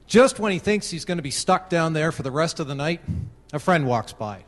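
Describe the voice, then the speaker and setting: Canadian guy at an open mic, bit high voice, echoey hall, casual joking. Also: lively intonation, a little fast. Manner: casual, tells a joke with voiced characters. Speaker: conference attendee giving a short talk. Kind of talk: open-mic talk with a joke. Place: large conference room. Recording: long hall reverb.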